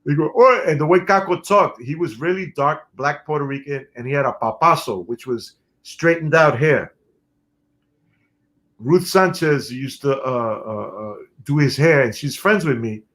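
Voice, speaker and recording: A man, a guest musician telling stories in an interview, animated and quick to laugh. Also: on the high side. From New York City. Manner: animated storyteller who laughs often. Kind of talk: storytelling in an interview.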